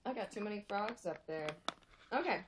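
A woman's voice: mid-range voice, animated, moderate pace, background noise. A young woman reading a fan fiction aloud for laughs, breaking off into sarcastic, rambling asides.

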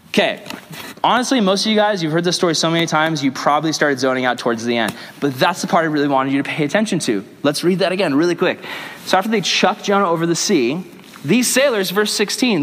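A young adult man, a youth pastor, reading scripture aloud and teaching a group in an energetic, joking, slangy way. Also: fairly high pitch, fast, slight background noise. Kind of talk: casual Bible teaching to a group. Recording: long echo of a large hall.

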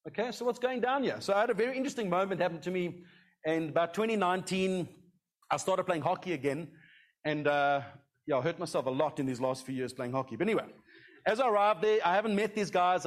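A middle-aged man preaches a sermon in a loose, conversational way, and his voice sits notably high for a man. He keeps turning to the congregation with a quick "okay?" as he talks. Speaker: pastor.

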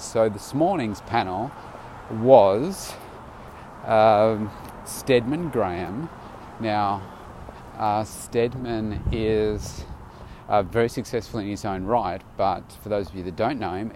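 Tired man rambling in a low voice. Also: unhurried, a little mellow, slight background noise. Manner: rambling, loose, many fillers and restarts. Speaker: vlogger. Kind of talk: casual audio diary.

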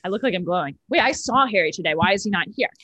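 Talking very fast in a husky, medium-pitched voice, a nineteen-year-old woman runs a comedy club video call with casual chat and a stand-up set. She's chatty and self-mocking, bragging in exaggerated deadpan. Her laptop mic gives a rough recording with no room sound.

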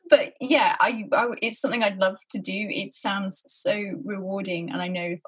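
A woman hosting a casual podcast chat, effusive and quick to laugh. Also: medium pitch, fairly even intonation, slightly rough. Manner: warm, effusive, laughs often.

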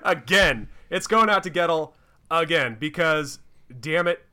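A man's voice: fairly high pitch, lively intonation, unhurried, sharp tone. A man co-hosting a casual podcast, talking in a rambling way with lots of fillers and restarts. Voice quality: rambling, many fillers and restarts, laughs often. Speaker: podcast co-host. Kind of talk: casual chat.

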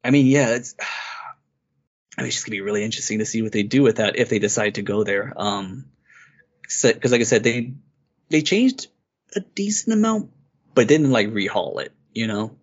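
Speaking in a lowish, animated voice at a moderate pace, the man pauses often as he wanders through a game's storyline. It's casual game review talk from a podcast co-host, and the recording sounds dull and lo-fi.

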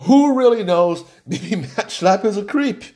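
Male commentator, fairly high voice that swings widely, mocking and chuckling through opinionated news talk. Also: unhurried. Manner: animated, laughs often, mocking.

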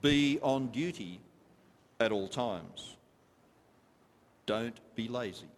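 In the long reverb of a large hall, a man with a medium-pitched, animated voice preaches slowly. His sermon is emphatic and repetitive, broken up by questions to the congregation.

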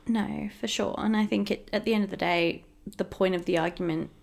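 Chatty laughing woman with gravelly fry. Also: mid-range voice, fairly even intonation, fairly quick. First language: English. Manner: chatty, laughs often, rambling. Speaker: podcast co-host. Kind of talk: casual couple's podcast chat.

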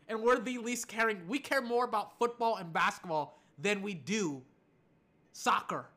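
An American vlogger in a casual sports rant, animated and arguing back at imagined critics, a little tired. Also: mid-range voice, moderate pace. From United States.

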